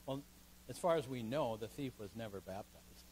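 A man's voice: medium pitch, normal speed, a little hiss or hum, rough recording. A man, a pastor, leading a seminar in a church meeting room, teaching emphatically and taking questions. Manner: emphatic, animated teaching that takes listeners' questions.

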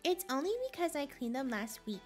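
A woman's voice: high voice, animated, brisk, soft background music, pitched above the performer's own voice. A woman voicing a fed-up young woman who scolds her sister over the housework. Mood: indignant. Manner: indignant, scolding.

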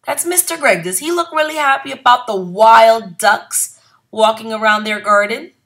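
A woman teacher reading a picture book aloud to children, pausing to ask questions about the illustrations in an expressive storytelling manner. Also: fairly high pitch. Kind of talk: read-aloud lesson.

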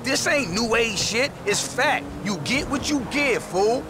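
A swaggering, trash-talking ex-con in a video game, lecturing the younger crew. The voice is high and lively. Engine and street noise come through clearly. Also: male voice, unhurried. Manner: swaggering, insulting, preachy. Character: cocky older male gangster fresh out of prison. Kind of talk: video game cutscene acting.

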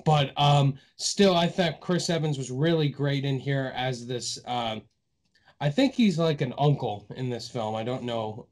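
A young man from Massachusetts co-hosting a film podcast in casual chat, easygoing and quick to laugh. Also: medium pitch, darkish tone. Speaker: podcast co-host.

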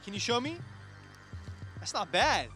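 A man's voice: high-pitched, very animated, unhurried. A man from Turkey working as a TV reporter, joking and teasing as he interviews people outdoors on city streets with a handheld mic. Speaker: TV reporter and host. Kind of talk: playful street interviews and narration. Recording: music playing under the voice. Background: loud music.

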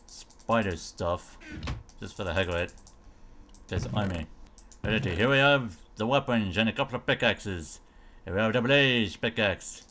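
A man's voice: on the low side, fairly bright tone. A man casually commenting on a game mod as he tries it, thinking aloud and mumbling silly noises. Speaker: gamer showcasing a mod.

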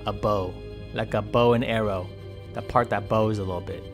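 A man's voice: on the low side, steady tone, moderate pace, soft background music, close to an everyday voice. A man voicing a chatty, friendly male bowhead whale who rambles, jokes and trash-talks polar bears. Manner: rambling, joking, trash-talking. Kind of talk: playful game commentary role-play.

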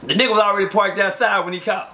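Animated high-voiced storytelling man. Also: rapid-fire. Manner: animated storyteller, acts out quotes, laughs often. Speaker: interview guest. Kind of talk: casual street storytelling.

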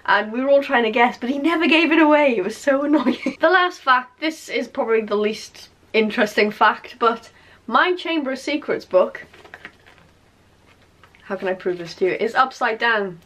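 A young woman vlogging, chatty and animated, with lots of fillers and repeated emphasis. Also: fairly high pitch, normal speed. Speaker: YouTuber. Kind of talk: casual vlog chat.

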